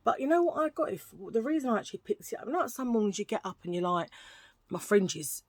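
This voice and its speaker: A woman's voice: on the high side, sing-song, fast, a little mellow, dry recording. A middle-aged woman, chatting in a rambling, jokey way to her viewers about her shopping finds. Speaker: vlogger. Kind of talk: casual haul vlog chat.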